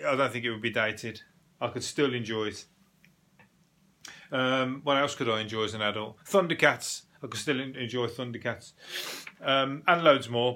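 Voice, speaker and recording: Bright-voiced sweary man. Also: mid-range voice. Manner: blunt, sweary, rambling with restarts and laughs. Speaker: podcast host. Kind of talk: casual comedic monologue.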